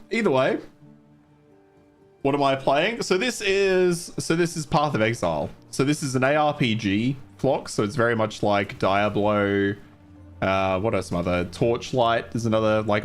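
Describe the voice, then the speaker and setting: A man streaming a game casually, chatting with viewers and swearing now and then. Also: mid-range voice. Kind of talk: casual gameplay livestream.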